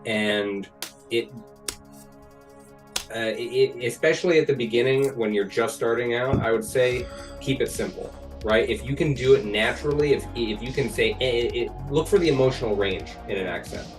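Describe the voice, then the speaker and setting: A man's voice: medium pitch, normal speed, soft background music. A man on a casual talk show giving earnest advice, recorded from away from the microphone. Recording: distant from the mic.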